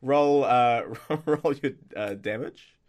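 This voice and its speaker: A man's voice: medium pitch, slow pace, darkish tone, a little hiss or hum. A man narrating as game master in a tabletop game, hesitant with many fillers and restarts.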